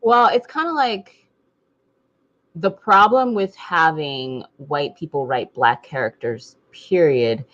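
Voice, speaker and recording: Low-voiced woman co-host, casual and animated, dull lo-fi audio. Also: takes it slowly. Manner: animated, mimics voices with laughter. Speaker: podcast co-host. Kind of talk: casual book club discussion.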